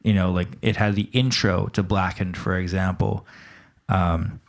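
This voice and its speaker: A man's voice: low-pitched, little pitch movement, measured pace, creaky. A man co-hosting a casual podcast chat, explaining things in a laid-back way. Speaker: podcast co-host.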